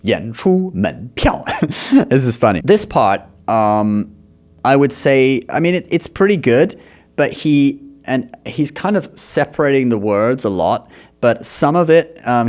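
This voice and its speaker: A man teaching Chinese in reaction commentary. He explains patiently, slows down to model words and often checks in with "okay?". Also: medium pitch, a little mellow. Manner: explanatory, repeats words slowly to demonstrate; frequent laughs and checking "okay?".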